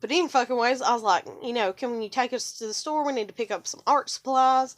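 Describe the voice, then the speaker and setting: A woman's voice: fairly high pitch, fast, few pauses. A young adult woman talking in a casual personal monologue, venting her frustration in a rambling, profane way. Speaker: vlogger.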